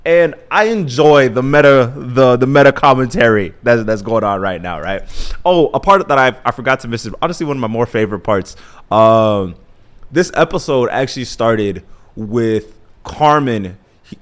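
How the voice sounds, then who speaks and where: A man's voice: mid-range voice, animated, normal speed. Rambling young man recapping an episode. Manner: rambling, self-correcting, slangy. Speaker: commentary vlogger. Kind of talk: casual episode-recap commentary.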